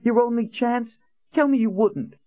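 A man voicing a scheming, jealous young woman who speaks in a shrill, accusing way, heard on a dull, lo-fi recording. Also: a little slow, dry recording. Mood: defiant.

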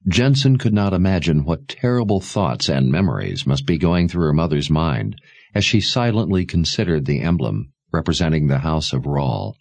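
A man narrating a novel aloud in a measured, expressive storytelling manner. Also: extremely low pitch, no room sound. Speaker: audiobook narrator. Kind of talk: scripted narration.

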